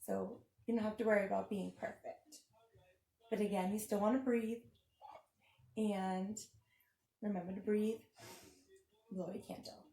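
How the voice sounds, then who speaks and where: A woman preschool teacher gently guiding small children through a yoga activity. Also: mid-range voice, steady tone, measured pace, vocal fry, long pauses, reverberant. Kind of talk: children's storytime and yoga lesson.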